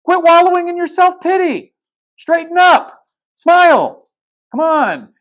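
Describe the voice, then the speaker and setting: A man voicing a motherly woman who coaxes and gently scolds someone into cheering up, pitched far above his own voice. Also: very animated, unhurried, full character voice. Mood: coaxing. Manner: coaxing, chiding.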